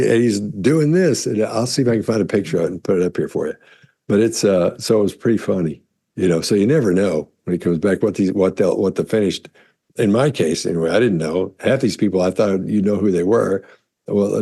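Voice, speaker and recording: A man, a body language analyst, talking casually to camera and rambling through stories with restarts and throat clearing. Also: low-pitched, dark tone.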